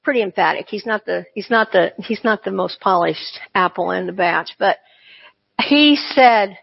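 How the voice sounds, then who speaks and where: A woman's voice: mid-range voice, normal speed, creaky, husky. A woman telling a personal faith testimony in an earnest, conversational way, full of asides. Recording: dull lo-fi recording.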